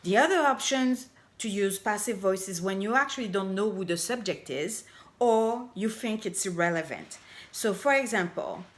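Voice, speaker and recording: A middle-aged woman with a mid-range voice coaches on language in a casual explainer lesson to camera. Her grammar lesson is upbeat and emphatic, and she slowly draws out her example phrases.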